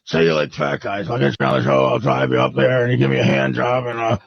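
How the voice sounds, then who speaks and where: A man voicing a sleazy, scheming middle-aged man who talks fast and crude, on a dull lo-fi radio recording. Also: medium pitch, creaky, no room sound. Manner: eager, fast-talking, crude.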